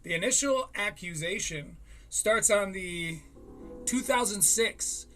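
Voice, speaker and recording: A man's voice: sits high, slow pace, fairly bright tone, faint music behind. A man hosting a podcast, telling a story in a casual, profane way and often laughing between lines. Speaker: podcast host.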